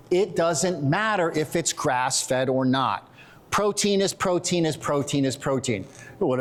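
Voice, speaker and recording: A middle-aged man giving a blunt, joking conference lecture on training and nutrition. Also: on the high side. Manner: blunt, joking, self-deprecating. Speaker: strength and conditioning coach. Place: conference hall stage.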